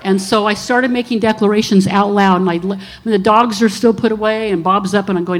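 A woman's voice: medium pitch, fairly even intonation, a little fast, hardly any pauses. Earnest woman in her sixties testifying. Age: 60s. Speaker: minister. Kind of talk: testimony to a church congregation.

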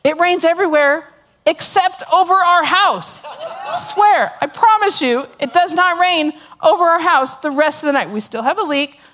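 A woman's voice: very high-pitched, normal speed, a bit bright. A middle-aged woman giving a humorous testimony talk to a church audience, telling a story with sarcastic asides and frequent laughter. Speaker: speaker at a church gathering.

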